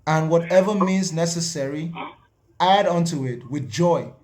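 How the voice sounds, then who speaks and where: Earnest man giving measured advice. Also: fairly high pitch, a little mellow, a little hiss or hum. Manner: earnest, measured, repeats key phrases. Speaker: host.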